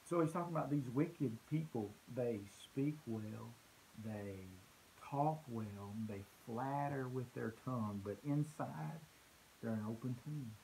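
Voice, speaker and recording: A man's voice: mid-range voice, slow, gravelly, darkish tone, slight background noise, low-quality recording. A man preaching a conversational sermon in church, earnest, often repeating words as he restarts a thought.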